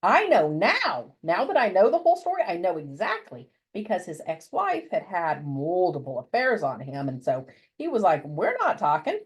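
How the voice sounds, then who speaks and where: Woman guest with a lowish, husky voice; expressive storyteller whose pitch swings widely, acts out quoted voices. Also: normal speed, low-quality recording. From United States. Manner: animated, acts out voices when quoting people. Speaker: interview guest. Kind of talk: personal storytelling.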